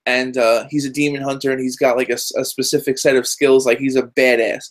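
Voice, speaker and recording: A man talking as a guest in a casual interview over a video call, rambling excitedly and dropping lots of fillers. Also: mid-range voice, fairly quick. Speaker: guest, journalist and game voice actor.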